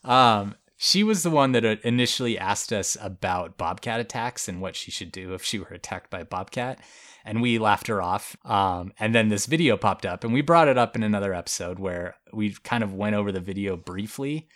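Podcast co-host, male, easygoing storyteller, low-ish voice, chatty with fillers. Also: normal speed, a bit bright. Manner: storytelling, laughs often, casual filler words. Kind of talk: casual chat.

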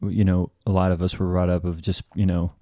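A man co-hosts a podcast in a relaxed chat. His voice is very deep and mellow, and his comments are dry and joking. The sound is dry and close to the mic. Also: a little fast, no room sound. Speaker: podcast co-host. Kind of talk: casual chat.

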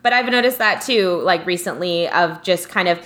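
A young woman co-hosting a casual spiritual chat podcast, animated and quick to leap up in pitch when quoting herself. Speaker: podcast co-host.

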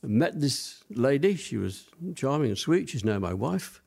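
A man's voice: mid-range voice, very animated, measured pace, gravelly, a little mellow. Older man, rambling reminiscing storyteller. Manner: rambling reminiscing with many fillers. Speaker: interview guest.

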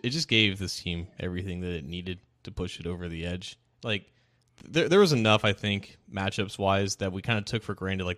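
A man co-hosting a sports talk show, animated, laughing often and restarting his sentences. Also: low voice. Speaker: co-host.

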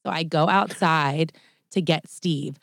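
A woman co-hosting a podcast, telling a story in an animated way with lots of "like" fillers. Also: low-pitched, takes it slowly, creaky, dry recording, clean studio sound. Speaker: podcast co-host. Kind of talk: casual chat, storytelling.

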